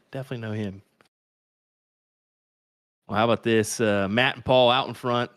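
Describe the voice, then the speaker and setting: A man's voice: mid-range voice, fairly bright tone, dry recording, clean studio sound. A man with a Kansas accent commentating on darts, chatty and laughing often as he tells stories. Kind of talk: live sports commentary banter.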